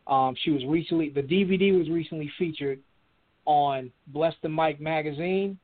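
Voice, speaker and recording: A man hosting a call-in show in an easygoing way, heard over a phone line. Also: a little high. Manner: easygoing, repeats phone numbers slowly. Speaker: show host.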